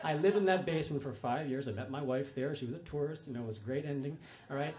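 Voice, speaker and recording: A man's voice: medium pitch, quick pace, very noisy. A man telling a personal story on stage in a conversational way, often checking in with tag questions. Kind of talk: live storytelling to an audience.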